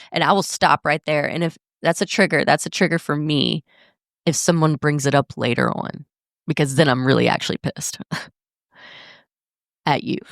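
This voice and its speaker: A woman's voice: deep voice, no echo. Podcast host, young woman, candid and profane, close and dry sound. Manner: candid, blunt, swears freely. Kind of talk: casual podcast monologue.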